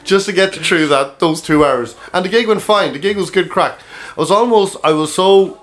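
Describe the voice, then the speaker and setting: A man's voice: high-pitched, moderate pace. A man, a comedian co-hosting a podcast, telling rambling travel anecdotes in casual chat.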